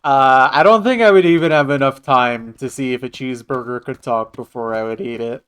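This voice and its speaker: Male game streamer, playful and chatty, clear tone. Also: mid-range voice, a little fast, fairly bright tone. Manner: joking, chatting with viewers. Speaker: livestreamer. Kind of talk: casual gaming livestream chat.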